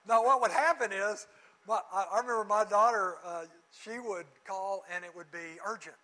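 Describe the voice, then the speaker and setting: A middle-aged man teaching a Bible lesson, telling lively stories with voices and jokes, closing in prayer. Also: high voice, moderate pace, low-quality recording.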